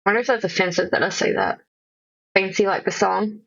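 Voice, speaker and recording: A woman's voice: medium pitch, steady tone, brisk, gravelly, fairly bright tone, no room sound, highs cut off. A young woman streaming from home, chatting in a rambling, self-conscious, jokey way. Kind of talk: casual live-stream chat. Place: home room.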